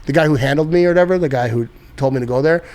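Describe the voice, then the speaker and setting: A young man on a podcast, spinning loose stories in a slightly higher-than-usual male voice. He rambles, leans on fillers and laughs often, with a relaxed, chatty delivery. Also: racing. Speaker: podcast guest, sports content creator. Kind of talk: casual storytelling.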